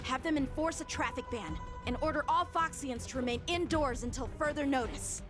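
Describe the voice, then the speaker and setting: An actress playing an urgent young female officer in a video game, giving brisk orders. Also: high voice, music in the background, lightly acted.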